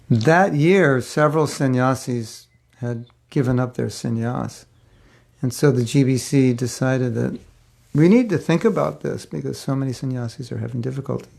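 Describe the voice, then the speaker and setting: A man's voice: medium pitch, normal speed, vocal fry, a little mellow. An older man giving a spiritual class, telling a personal story in a rambling, conversational way with many fillers. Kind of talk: casual storytelling lecture.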